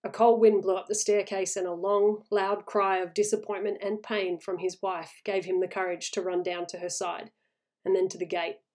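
A woman reading a horror short story aloud in a measured, suspenseful way. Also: mid-range voice, level tone, a little mellow.

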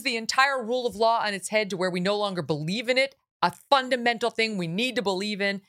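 A woman's voice: mid-range voice, fast talker, hardly any pauses, a bit bright. A woman hosting a political talk show, talking with sarcasm and mocking asides. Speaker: host.

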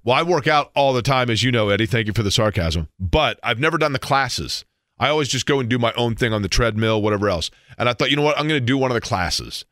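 A man's voice: medium pitch, expressive, fast, fairly bright tone, no room sound, clean studio sound. A middle-aged man hosting a sports talk radio show, rambling playfully and poking fun at himself. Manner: rambling, playful, self-mocking.

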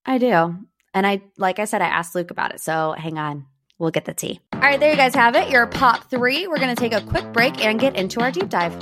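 A woman's voice: a little high, lively intonation, a little fast, music in the background. Chatty young woman gossip host. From Northeast Ohio, United States. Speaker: podcast host. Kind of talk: pop culture gossip podcast.

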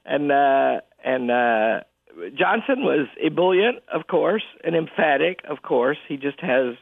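A man being interviewed on the radio as a college president, chuckling often and talking in halting bursts with many restarts. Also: on the high side, animated, gravelly, dry recording. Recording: tinny phone line.

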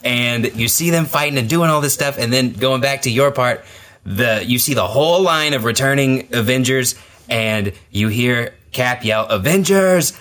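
A man's voice: mid-range voice, normal speed, fairly bright tone. A man in a casual chat who tells a story animatedly and acts out reactions.

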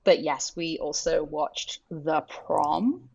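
Low-voiced woman podcast host. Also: slow pace, vocal fry, darkish tone, slightly rough, muffled recording. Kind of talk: scripted podcast intro and casual chat.

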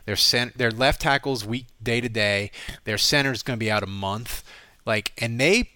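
Bright, quick-talking sports podcast host. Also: male voice, medium pitch, smooth, dry recording. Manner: quick, jokey, builds to emphatic points. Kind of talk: casual sports chat.

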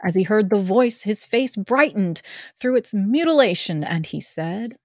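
A woman reads a classic novel aloud in a relaxed group session. Her delivery is expressive with a playful edge, in a mid-pitched voice, recorded dry and close. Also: unhurried, no room sound. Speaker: narrator in a group reading. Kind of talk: casual amateur reading of a novel.

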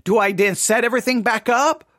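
A man hosting his own podcast, telling a story in an animated, self-mocking way. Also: very high voice, brisk, dry recording, clean studio sound. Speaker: podcast host. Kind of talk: casual monologue. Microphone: studio mic.

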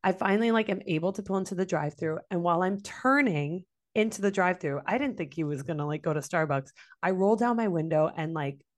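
A woman co-hosting a podcast, telling a story in casual chat with lively, profane delivery and acted-out quotes. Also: lowish voice, fast talker, hardly any pauses. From Latin American family. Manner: animated, swearing, acts out quoted voices. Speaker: podcast co-host.

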